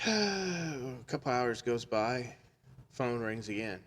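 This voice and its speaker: A man's voice: mid-range voice, takes it slowly. A man telling a funny story in a casual chat, laughing often and acting out the people in it. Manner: animated, laughs often, acts out quotes.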